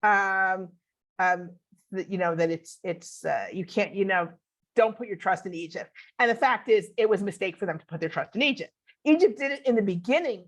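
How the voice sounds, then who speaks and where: A woman teaching a Bible class online, explaining in a conversational way and answering questions as she thinks aloud. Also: lowish voice.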